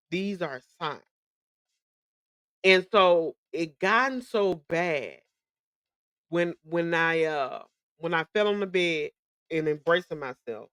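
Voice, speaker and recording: A woman's voice: fairly low pitch, fairly bright tone, dry recording. A young adult woman hosting a podcast, telling a personal story in candid, emphatic, slangy casual speech with many repetitions. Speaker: podcast host.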